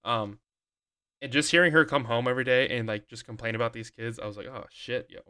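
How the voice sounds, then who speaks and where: Bright-voiced young man, rambling casual chat. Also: medium pitch, steady tone, fairly quick, smooth. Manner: rambling storyteller, many fillers and restarts. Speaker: podcast co-host.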